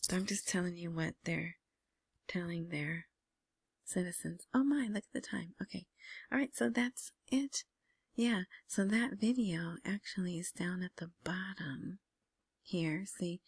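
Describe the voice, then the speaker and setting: A woman hosting her own vlog, giving casual screen-share commentary on news in a soft, half-whispered way, with many ums and restarts. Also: fairly low pitch, husky, dry recording. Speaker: vlogger commenting on Iraqi news and currency.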